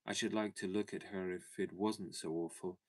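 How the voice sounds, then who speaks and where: A man's voice: low voice, steady tone, moderate pace. A man voicing an imaginative young girl in a storybook reading. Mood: dreamy.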